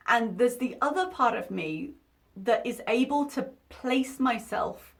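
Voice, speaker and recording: A woman's voice: fairly high pitch, lively intonation, a little slow. A woman hosting a reaction video, commenting in a sarcastic, exasperated way and swearing freely.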